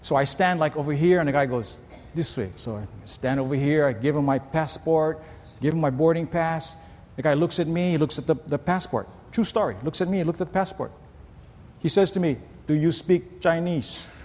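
A man delivers a sermon in a relaxed, storytelling way, his voice sitting a little high for a man. He leans on rhetorical questions and doubles up his words as he talks. The recording carries the long reverb of a large church hall. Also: brisk. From Hawaii. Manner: conversational, asks rhetorical questions, repeats words. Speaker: pastor.

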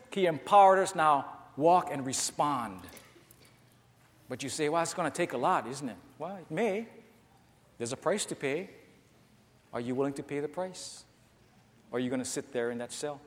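Man preaching in a reverberant hall. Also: fairly high pitch. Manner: emphatic, repetitive preaching straight to the listeners. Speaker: pastor. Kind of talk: sermon. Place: church before a congregation.

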